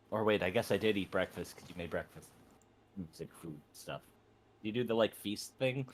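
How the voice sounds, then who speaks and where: A man's voice: fairly low pitch, moderate pace. A man playing in a tabletop game, laid-back and chuckling through what his character does. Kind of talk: tabletop role-play chat.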